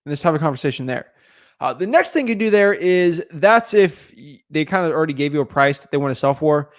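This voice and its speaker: A man's voice: on the high side, lively intonation. Upbeat young man coaching viewers. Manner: fast, casual, filler-heavy, addresses viewers as guys. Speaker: real estate coach. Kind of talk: casual teaching livestream.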